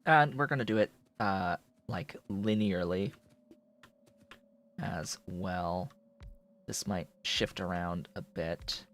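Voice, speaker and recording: A man's voice: low-pitched, slow, pauses often, fairly bright tone. A man streaming a building game, thinking aloud in casual commentary as he works.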